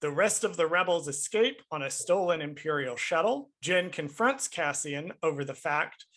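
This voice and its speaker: Bright-voiced man, animated podcast chat. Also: on the high side, normal speed. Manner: animated, emphatic, swears casually. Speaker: podcast co-host. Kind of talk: casual review chat.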